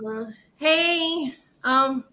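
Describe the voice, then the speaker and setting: A woman from New York hosting a casual livestream chat, loud and laughing with lots of swearing. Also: high voice, very slow. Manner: loud, laughing, profane banter. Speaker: livestream show host. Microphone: livestream setup, video call.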